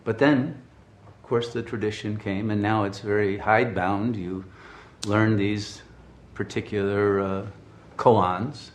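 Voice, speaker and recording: A man giving a spiritual talk, telling a story in an animated, chuckling way with frequent restarts. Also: lowish voice, slow pace, hardly any pauses, reverberant. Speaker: spiritual teacher.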